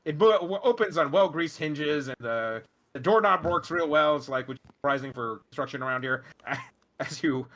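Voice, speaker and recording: Bright-voiced man running a tabletop game. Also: fairly high pitch, expressive, normal speed. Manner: rambling, filler-heavy narration with laughs. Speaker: game master.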